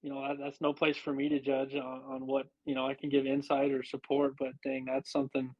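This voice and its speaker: A man hosting a podcast, speaking in an encouraging, halting way full of "you know"s. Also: mid-range voice, monotone. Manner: encouraging, halting, filler-heavy. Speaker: podcast host. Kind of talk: casual podcast chat. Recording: dull lo-fi recording.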